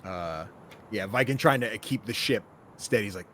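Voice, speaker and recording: A man's voice: fairly low pitch, bright, forceful tone, a little hiss or hum. A man playing a tabletop game, asking rule questions and speaking for his character. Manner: quick, asks rule questions. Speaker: player. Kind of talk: tabletop role-play.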